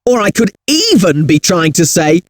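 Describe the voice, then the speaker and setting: A man playing a friendly punctuation tutor, presenting educational software in an upbeat, chatty way, talking straight to the user. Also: sits high, very animated, moderate pace, no echo.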